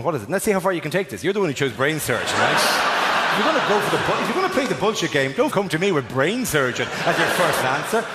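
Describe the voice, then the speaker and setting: Brief: Irish male comic, quick, lively delivery, live room with audience noise. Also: fairly high pitch. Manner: teasing, animated, swears freely. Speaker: stand-up comedian. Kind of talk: crowd work stand-up. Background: audience laughter.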